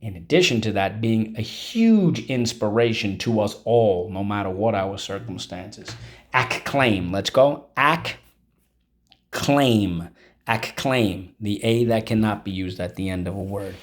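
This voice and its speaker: A man's voice: lowish voice, measured pace. A man teaching a vocabulary and phonics lesson, drilling each word aloud with repetitions and prompts to the class. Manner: drills words aloud, repeating each one.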